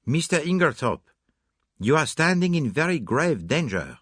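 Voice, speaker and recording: A man voicing a fussy, theatrical detective who speaks slowly and pointedly in an audiobook. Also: on the high side, big pitch swings, fairly bright tone, breathy edge, no echo, studio quality, pitched above the performer's own voice, exaggerated voice. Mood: grave, pointed. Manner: slow, deliberate, pointed.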